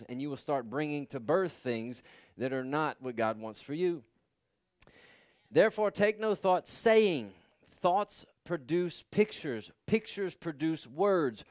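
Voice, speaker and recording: Preaching man, smooth ringing voice. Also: fairly high pitch, expressive, a little slow, darkish tone, dry recording, studio quality. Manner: preaching with rising emphasis and call-and-response. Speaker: pastor. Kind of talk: sermon.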